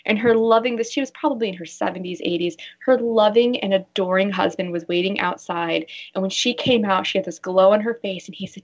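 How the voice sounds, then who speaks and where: A woman's voice: medium pitch, brisk, hardly any pauses, muffled recording. A woman who works as a bra fitter, talking earnestly in a casual interview and telling stories with animation.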